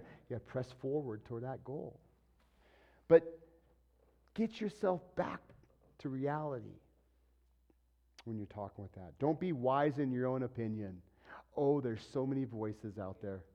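A man preaching a sermon to his church in a lively, conversational way, acting out what people say. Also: medium pitch, moderate pace, pauses often, highs cut off. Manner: animated, conversational preaching with acted-out quotes. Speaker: pastor.

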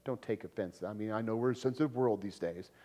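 A man preaching a sermon in a lively, conversational way, with laughs and sudden loud emphasis. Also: lowish voice, quick pace. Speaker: pastor.

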